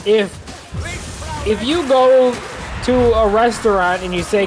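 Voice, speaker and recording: A man's voice: high voice, slow, over music. A man co-hosting a casual podcast, arguing his point with examples while gaming. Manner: argumentative, explains with examples. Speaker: podcast co-host.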